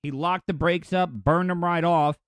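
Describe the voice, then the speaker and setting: Male podcast host, slightly high voice, dry close sound, rambling comic riffs. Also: steady tone, normal speed, clear, resonant tone, no echo. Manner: rambling, crude joking asides. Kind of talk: comedic news commentary.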